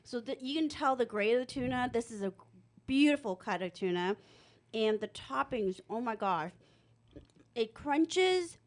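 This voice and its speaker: A woman's voice: on the high side, animated, a little slow. A woman co-hosting a radio food show, casually chatting and describing each bite with enthusiasm. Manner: effusive, lingering over each bite. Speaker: co-host tasting food. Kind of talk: casual food-tasting chat.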